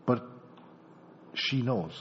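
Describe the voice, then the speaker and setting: Speaking extremely slowly in a mid-range voice, a man preaches with animation, playing out each scene of a story and turning to address the congregation. The lo-fi recording is dull, with a bit of background noise.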